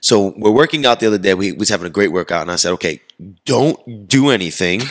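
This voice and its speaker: A man hosting a casual podcast as a fitness coach, telling a story and acting out the quotes loudly. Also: lowish voice, animated, quick pace.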